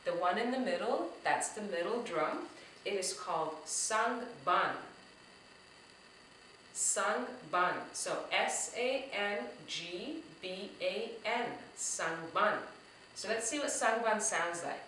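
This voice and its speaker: A woman teaching a children's drumming lesson, speaking slowly and encouragingly and chanting words loudly syllable by syllable. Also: mid-range voice, expressive, a little hiss or hum. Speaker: teaching artist. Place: room full of drums. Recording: echoey room, voice a bit far from the mic.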